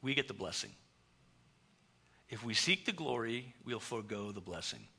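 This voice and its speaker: A middle-aged male pastor preaching a storytelling sermon, animated, acting out the dialogue he quotes. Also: lowish voice, moderate pace, gravelly, breathy edge.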